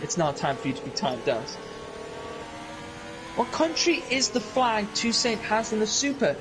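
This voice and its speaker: A man's voice: high-pitched, big pitch swings, measured pace, pauses often, music in the background, low-quality recording. A young man casually chatting on a live stream while playing a racing game, rambling and answering viewers in chat. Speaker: racing league streamer and commentator.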